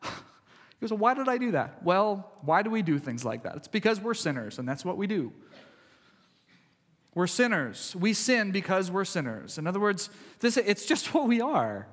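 A male pastor preaching a sermon in a conversational way, swinging from loud emphasis to hushed, quiet passages. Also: high voice, very animated, moderate pace, long reverb tail.

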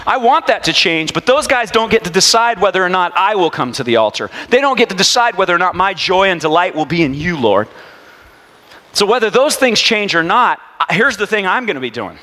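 Animated male preacher, bright and lively. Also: high voice, brisk, big-room sound. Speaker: pastor. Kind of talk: sermon.

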